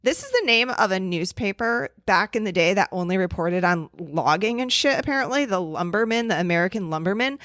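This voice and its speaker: A woman's voice: mid-range voice, expressive, fairly quick, few pauses, a bit bright, dry recording, studio quality. A woman co-hosting a podcast, casually telling and reading out old local stories, rambling and restarting as she goes. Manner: rambling storyteller, reads old articles aloud. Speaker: podcast co-host. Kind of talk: casual chat.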